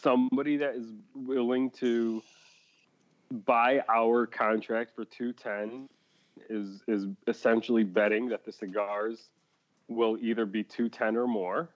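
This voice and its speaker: A man's voice: medium pitch, little pitch movement, a little slow, muffled recording. A man co-hosting a casual podcast, rambling with restarts and laughing often. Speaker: podcast co-host. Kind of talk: casual chat.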